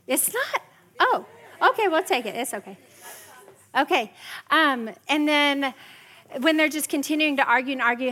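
A woman in her forties giving a lively parenting workshop to a room of parents, often mimicking her kids' whiny voices. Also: high-pitched, normal speed. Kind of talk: live parenting workshop talk. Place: workshop room with a live audience.

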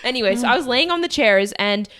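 A woman's voice: fairly high pitch, animated, fast, a bit bright, no echo, studio quality. A young woman in her twenties, co-hosting a podcast and telling stories casually, with constant "like" and acted-out quotes. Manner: chatty storyteller, says "like" constantly, acts out quotes. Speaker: podcast co-host. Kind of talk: casual chat.

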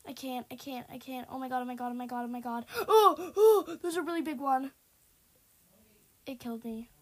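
A young woman with a high, light voice talks through a horror game as she plays it. She is jumpy and easily startled, and her delivery keeps swinging between scared, hushed whispers and sudden loud outbursts. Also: steady tone, brisk. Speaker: gamer. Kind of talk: horror game let's-play commentary.

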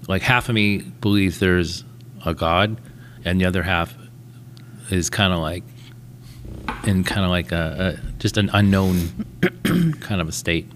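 A man's voice: low-pitched, fairly even intonation, a little slow, pauses often, a little hiss or hum. A man in casual conversation, rambling through big thoughts and telling a joke with voiced characters. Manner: rambling, musing, tells jokes with voiced characters. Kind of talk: casual podcast chat.

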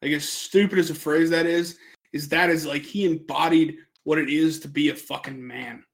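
Young guy on a podcast, kinda high voice, rambles and swears, laughs thru his stories. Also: fairly even intonation, normal speed. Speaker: podcast co-host. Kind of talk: casual podcast chat.

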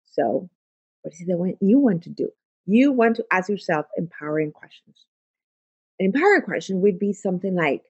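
A woman's voice: on the low side, big pitch swings, a little fast, darkish tone, slightly rough, dry recording, highs cut off. A woman life coach giving a motivational talk, emphatic and full of repeated affirmations.

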